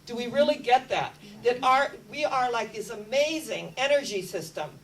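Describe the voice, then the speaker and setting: A woman's voice: on the high side, normal speed, far from the mic, poor audio. Woman telling a story with spiritual zeal. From United States. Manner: lively storyteller, talks about energy with spiritual warmth. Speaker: speaker. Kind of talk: storytelling talk to an audience. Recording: voice a bit off mic with faint hum.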